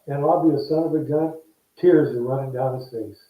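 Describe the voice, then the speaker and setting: A man's voice: mid-range voice, fairly quick. An older man, a former ballplayer, telling stories in a casual interview and acting out the voices in them. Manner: animated, acts out quoted voices. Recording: echoey, distant, dull remote line.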